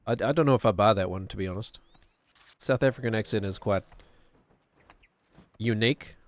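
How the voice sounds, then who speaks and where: A man's voice: fairly low pitch, no room sound. Rambling New Zealand man streaming. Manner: rambling, self-correcting, chuckling. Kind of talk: casual chat while gaming.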